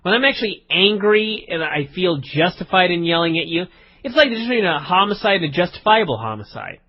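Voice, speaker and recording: Podcast co-host: husky, lively voice, rambling mock-serious teasing, dull lo-fi sound. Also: male voice, high voice, fairly quick. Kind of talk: casual comedic chat.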